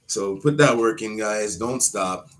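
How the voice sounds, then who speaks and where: A man's voice: lowish voice, unhurried. Man ranting and cursing on his show. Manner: heated, swearing, loud outbursts then muttering. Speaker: wrestler hosting his own show. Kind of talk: unscripted profane rant.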